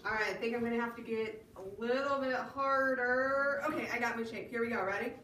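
Woman librarian, storytime leader, high voice, patient and encouraging, echoey room, heard from across the room. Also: fairly even intonation, fairly quick, pushed and bright. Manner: patient, encouraging teacher talk. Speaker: children's librarian. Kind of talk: leading a children's storytime. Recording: echoey room from far off, clear background noise.

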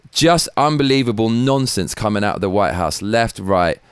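A man's voice: fairly low pitch, lively intonation, normal speed, hardly any pauses, clear, resonant tone, no echo. A man hosting his own show, heated, angry and heavily profane in his political commentary. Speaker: host.

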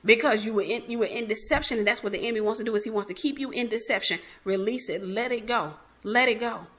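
A woman with a bright, forceful and fairly high voice preaches a testimony. She exhorts her listeners directly and repeats her key phrases, rushing in bursts and then slowing down to hammer a point. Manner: fervent, exhorting the listeners, quick bursts then slow emphatic lines. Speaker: Christian ministry teacher.

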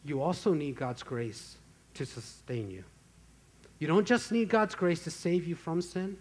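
A man preaching a sermon as pastor, earnest and emphatic, slowing down to stress key phrases. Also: medium pitch. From Texas, USA.

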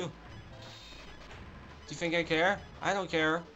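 Young man, let's play commentary, unhurried delivery, cursing under his breath. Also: fairly high pitch, level tone, bright, forceful tone, muffled recording, soft background music. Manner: frustrated, swearing, muttering to himself. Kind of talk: casual gameplay commentary.

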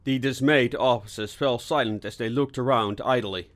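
A man narrating a steampunk novel in an expressive storytelling voice. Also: mid-range voice, normal speed, few pauses. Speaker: audiobook narrator. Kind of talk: scripted narration.

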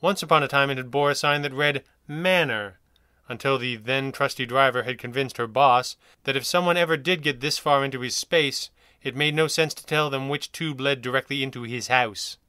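A man narrating his own pulp adventure story in a measured, dramatic reading. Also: medium pitch, fairly even intonation, bright, forceful tone, no echo, studio quality. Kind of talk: scripted narration.

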